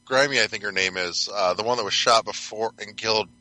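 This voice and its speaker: A man's voice: fairly low pitch, fairly quick, sharp tone, rough recording. A man co-hosting a casual gaming podcast, throwing in wry wisecracks. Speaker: podcast co-host.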